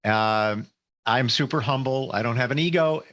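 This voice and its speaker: A man's voice: mid-range voice, moderate pace, a bit bright. A man hosting an interview, asking questions and sharing personal thoughts earnestly, with small restarts. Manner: earnest, personal, stumbles on words. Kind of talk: interview conversation.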